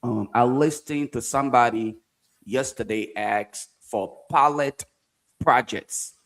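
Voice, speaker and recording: A man hosting a political talk show, deliberate and arguing through rhetorical questions. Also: medium pitch. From Liberia.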